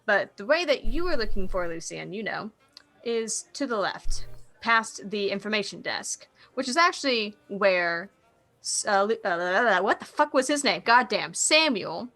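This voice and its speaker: A woman game master narrating a tabletop vampire game, describing scenes in a relaxed, casual way and swearing now and then. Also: medium pitch, normal speed.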